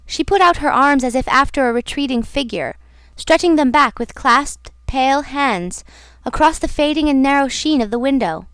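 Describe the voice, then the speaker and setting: A woman narrating a classic novel as an audiobook in a measured, dramatic reading. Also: sits high, lively intonation, a bit bright, dry recording. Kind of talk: scripted narration.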